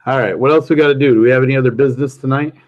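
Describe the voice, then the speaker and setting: A man's voice: medium pitch, rapid-fire, highs cut off. A man hosting a casual livestream chat, telling jokey stories and chuckling often. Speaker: livestream host.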